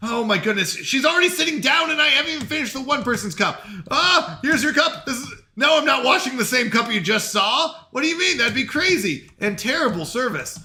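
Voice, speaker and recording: A man's voice: extremely high pitch, lively intonation, brisk, hardly any pauses, sharp tone. A man with a Canadian accent, chatting frantically to himself and his stream while playing a game. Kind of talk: live-stream gameplay chat.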